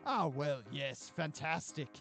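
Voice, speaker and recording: A man's voice: on the high side, animated, takes it slowly, creaky, fairly bright tone, faint music behind, heavily acted. A man voicing a vain, pompous male villain with theatrical, posh-sounding outbursts.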